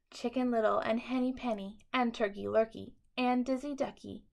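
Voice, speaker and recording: A woman teacher reading a bedtime story aloud to children in an expressive, dramatic way. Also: on the high side, moderate pace, vocal fry, hardly any pauses.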